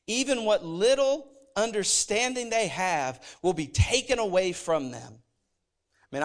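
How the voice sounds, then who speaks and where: Male pastor preaching, slightly high voice, animated and jokey, punches his points hard. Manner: animated, joking, emphatic. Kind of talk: sermon. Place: church sanctuary.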